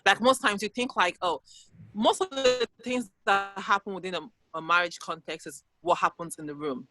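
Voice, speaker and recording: A woman's voice: mid-range voice, animated, moderate pace, poor audio. A woman sharing her views earnestly on a video panel discussion, often hedging with "like". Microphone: video call.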